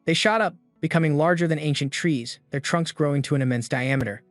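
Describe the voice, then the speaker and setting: A man's voice: on the high side, brisk, dry recording. A man steadily reading a scripted story recap. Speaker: narrator. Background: faint background music.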